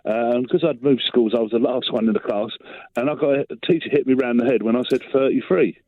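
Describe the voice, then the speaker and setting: An older man from London with a Cockney accent, talking as a guest in a radio interview, relaxed and rambling with many fillers. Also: mid-range voice, quick pace, no echo. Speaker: festival director, guest. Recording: tinny phone line, dry.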